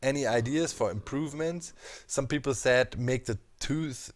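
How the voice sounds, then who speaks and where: A man's voice: mid-range voice, normal speed. A man casually commenting while he builds in a video game, thinking aloud with many fillers and asides. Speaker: Minecraft let's player.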